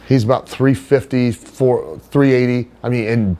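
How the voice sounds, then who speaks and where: A middle-aged man, a wrestler, chatting as a podcast guest, blunt and profane, telling animated stories. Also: mid-range voice, measured pace. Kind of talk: casual chat, storytelling.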